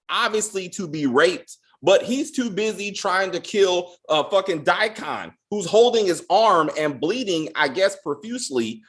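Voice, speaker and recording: A man's voice: high voice, fairly bright tone. A man hosting a casual spoiler review of a TV episode, ranting in a profane, exasperated way. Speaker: TV show reviewer.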